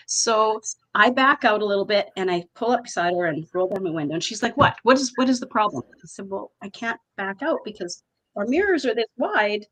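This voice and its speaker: A woman's voice: mid-range voice, lively intonation, brisk, a bit bright. A woman co-hosting a podcast, telling a story with frequent laughter and swearing. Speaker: podcast co-host. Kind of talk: casual chat.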